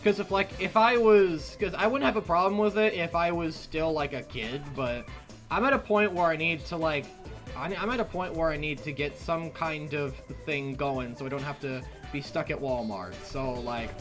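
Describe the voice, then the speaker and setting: A man guesting on a casual stream, an artist who talks animatedly and excitably, often saying "bro". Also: a little high, normal speed, faint music behind.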